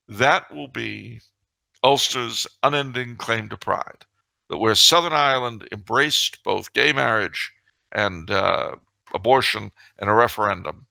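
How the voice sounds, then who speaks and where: A middle-aged man co-hosting a talk show, telling stories with animated mock indignation and acting out the dialogue. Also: on the low side, a little slow, creaky, no echo. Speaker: podcast co-host. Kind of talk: casual banter and storytelling.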